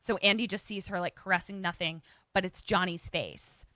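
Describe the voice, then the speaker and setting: A woman's voice: on the low side, moderate pace, dry recording. A woman co-hosting a podcast, casually retelling a film's plot and acting out the quotes, swearing now and then. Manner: animated storyteller, acts out quotes, swears casually. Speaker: podcast co-host.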